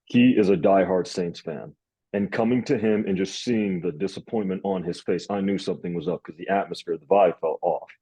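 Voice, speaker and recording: A young man hosting a casual interview, telling stories in a rambling, animated way. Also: low voice, fairly quick, husky, no room sound, poor audio. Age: young adult. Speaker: host.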